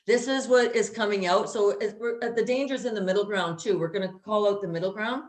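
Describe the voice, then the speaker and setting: A woman in an echoey room, talking at a middling pitch. She co-hosts a casual chat and vents bluntly, swearing without a filter. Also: brisk. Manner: blunt, ranting, swears freely. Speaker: co-host.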